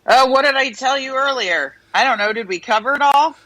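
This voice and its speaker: A woman's voice: high voice, a little fast, bright, forceful tone, rough recording. A woman co-hosting a radio show in casual chat, opinionated and ranting, swearing freely. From United States. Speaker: radio co-host.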